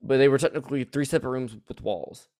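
A man with a light Southern US accent co-hosts a casual podcast. His voice is mid-pitched and plain. He talks in halting bursts, restarting phrases and cursing bluntly. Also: darkish tone. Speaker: podcast co-host. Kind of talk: casual chat.

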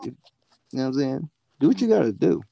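A young man in casual podcast chat, animated and laughing, acting out the people in his stories, swearing freely. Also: mid-range voice, fast talker, creaky, breathy edge. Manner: animated storyteller, acts out voices, laughs often, swears freely. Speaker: podcast guest. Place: in a car.

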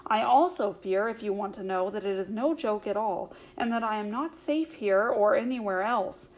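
A woman's voice: medium pitch, moderate pace, natural voice. A woman reading the lines of an anxious, secretive young male hobbit in an audiobook, with a hesitant, earnest manner.

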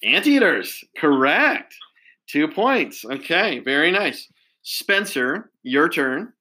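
A man's voice: fairly high pitch, very animated, slow, sharp tone, poor audio. A man hosting a casual quiz game, upbeat and full of praise, with lots of fillers. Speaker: quiz host.

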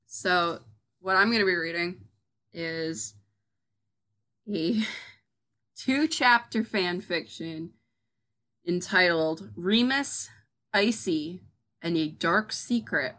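A woman's voice: on the low side, slow pace, pauses often, bright, forceful tone. A woman co-hosting a podcast, chatting casually and reading fan fiction aloud with dry asides. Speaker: podcast co-host.

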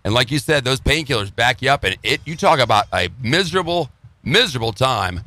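A middle-aged man hosts a casual talk show, brash and joking as he teases his co-host. His tone is bright and forceful at an ordinary male pitch. He tells his stories with plain bluntness. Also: lively intonation, fairly quick. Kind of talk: casual chat.

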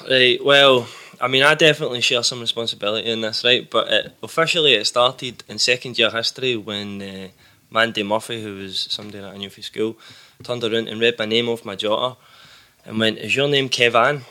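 A man's voice: medium pitch, steady tone, brisk, sharp tone. A young Glaswegian man telling stories in a casual podcast chat, swearing now and then and laughing easily. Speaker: podcast guest, musician.

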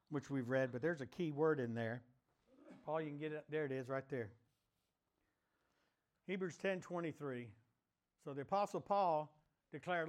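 A man preaching a sermon as pastor, exhorting his church and leading it in repeated call-and-response declarations. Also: fairly high pitch. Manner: emphatic, exhorting, leads the congregation in repeated declarations. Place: church sanctuary, also streamed online.

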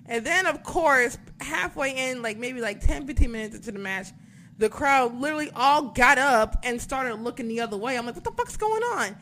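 Bright, ranting young woman. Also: fairly high pitch, normal speed, slight background noise. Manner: animated, swears a lot, ranting. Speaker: wrestling podcast co-host. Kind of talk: casual chat.

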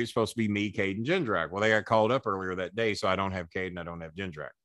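A man's voice: fairly low pitch, no echo, studio quality. A man, a former wrestling manager, telling stories as a podcast guest, cursing freely and acting out what other people said. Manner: profane, animated storyteller who acts out quoted people. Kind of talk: storytelling in a podcast interview.

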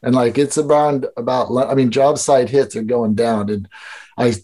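A man's voice: medium pitch, steady tone, moderate pace, dark tone. A man telling stories in a casual interview, loose and rambling, full of fillers and swearing. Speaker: guest. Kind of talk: casual storytelling chat.

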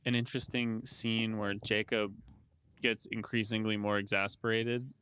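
A man's voice: lowish voice, level tone, normal speed, sharp tone, clean tone. A man co-hosting a casual discussion, wry and amused, laughing often. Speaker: podcast co-host.

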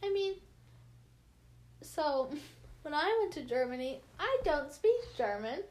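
A woman's voice: high-pitched, very animated, takes it slowly, a little mellow. A young American woman with a slight lisp, chatting casually with friends in a rambling, laughing way full of fillers. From United States. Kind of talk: casual chat among friends.

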